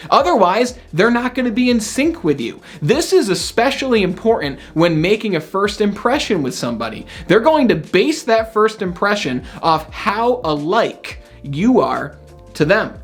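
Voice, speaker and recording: An upbeat male motivational speaker whose pitch swings widely as he teaches. His delivery is high-energy and chatty, and he keeps checking that the listener is following with a quick "right?". Soft music plays faintly behind him. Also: very animated, husky. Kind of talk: energetic self-help lesson.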